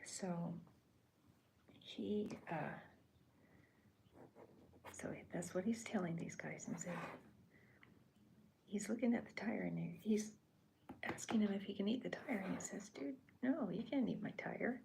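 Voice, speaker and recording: A woman cartoonist in soft-spoken ASMR commentary, talking hesitantly with many restarts as she describes her comic panels. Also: mid-range voice, measured pace, vocal fry, pauses often, noisy background.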